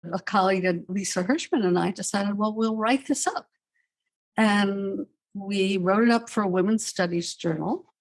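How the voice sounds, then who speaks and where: Older woman guest, low-pitched, measured and reflective, with dry wit. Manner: measured, thoughtful storytelling with dry asides. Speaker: psychiatrist guest. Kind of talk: reflective interview answers.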